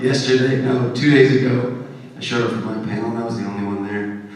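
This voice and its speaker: A man's voice: medium pitch, fairly even intonation, fairly quick. Panel guy cracking dry jokes, far-off echoey hall sound. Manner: wry, joking. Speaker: panel guest actor. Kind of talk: joking panel banter.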